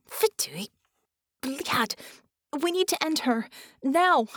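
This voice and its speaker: Young woman fighter, fierce and urgent, higher and louder, voiced by a woman narrator; dry audiobook read. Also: expressive, moderate pace, no room sound. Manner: urgent, clipped and defiant.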